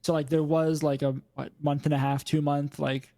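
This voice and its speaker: A man's voice: fairly high pitch, normal speed. Casual co-host chat, young man with a lightish voice, rambles and does goofy voices. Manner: rambling, animated, slips into mock voices. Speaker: podcast co-host. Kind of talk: casual chat about video games.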